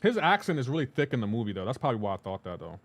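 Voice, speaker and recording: Lively chatty male game streamer. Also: mid-range voice, very fast. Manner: chatty, reads and answers chat aloud; joking, teasing. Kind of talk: casual live-stream chat.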